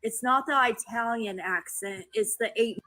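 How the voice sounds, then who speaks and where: A woman's voice: on the high side, unhurried, bright, forceful tone, no echo. A woman on a livestream panel, chatting casually and matter-of-factly, with many fillers.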